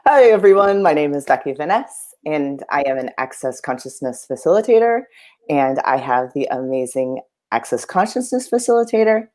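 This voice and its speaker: A woman's voice: deep voice, darkish tone. An enthusiastic American woman hosting a live online interview. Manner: bubbly, enthusiastic. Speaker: interview host.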